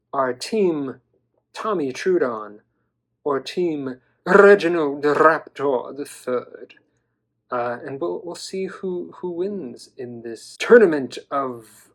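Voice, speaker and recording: A man casually reviewing collectible dinosaur toys in a chatty, enthusiastic, playful way. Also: on the high side. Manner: enthusiastic, chatty, playful, with some stammering restarts. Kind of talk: casual toy review vlog.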